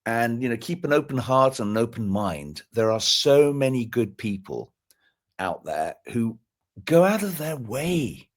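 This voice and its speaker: A man's voice: mid-range voice, big pitch swings, unhurried. A man talking in a live stream conversation, earnest and motivational, often repeating words as he builds up. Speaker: guest speaker.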